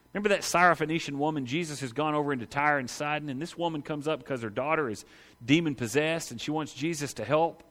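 A man preaching a sermon, acting out the people in his stories, swinging between loud emphasis and hushed, low asides. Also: in a large hall. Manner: dramatic, acts out quoted voices, swings from loud to hushed. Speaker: pastor.

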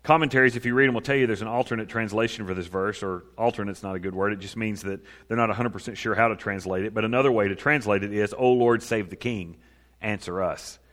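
A male pastor preaching a sermon, emphatic, swinging between loud raised declarations and quiet low asides. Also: fast. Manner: emphatic, rising to loud high-pitched proclamation then dropping low. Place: church sanctuary. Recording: reverberant hall.

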